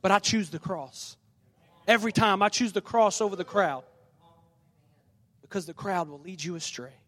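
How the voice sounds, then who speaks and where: High-voiced preacher in a reverberant hall. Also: male voice, moderate pace, fairly bright tone. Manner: preaching with call-and-response and dramatic scripture reading. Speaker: pastor. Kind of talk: sermon. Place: church sanctuary. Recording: long reverb of a large hall.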